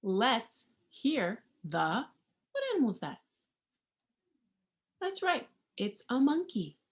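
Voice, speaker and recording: A woman reading a picture book aloud to young children in an animated way, asking them questions and imitating animal sounds. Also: fairly high pitch, slow. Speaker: children's storybook reader.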